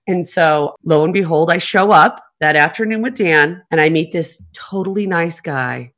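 Woman, 50s, low pitch, podcast host, casual storytelling, profane, animated. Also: normal speed, few pauses.

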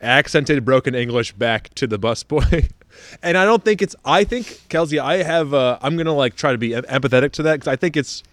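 Easygoing male podcast host, medium pitch, dry close mic, playful. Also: expressive, brisk, no room sound. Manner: joking, laughs often. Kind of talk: casual podcast chat.

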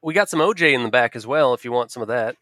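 A man's voice: mid-range voice, fast, bright, forceful tone, dry recording, studio quality, natural voice. Man putting on a Southern diner waitress. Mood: hospitable. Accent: Southern US, put on.

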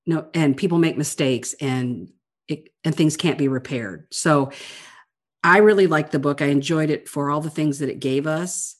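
A woman with a low, deep voice chats earnestly about a book she has read. She talks in animated bursts and restarts her phrases often, the way a librarian co-hosting a casual podcast would. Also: normal speed. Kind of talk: casual book-club chat.

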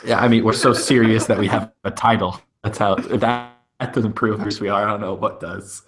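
A man hosts a casual podcast with deadpan, joking banter. His voice sits fairly low, and he keeps an easy conversational rhythm. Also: fairly quick, a crowd in the background. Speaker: podcast host.

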